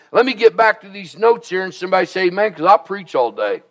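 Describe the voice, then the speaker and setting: A man's voice: sits high, sing-song, quick pace, reverberant. A male pastor preaching a sermon in a call-and-response style, asking the congregation for amens and repeating his key lines for emphasis.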